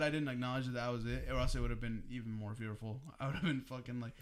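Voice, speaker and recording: A young man co-hosting a podcast, telling a story casually among friends in an animated way, swearing freely and laughing as he goes. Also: medium pitch, rapid-fire, hardly any pauses. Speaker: podcast co-host.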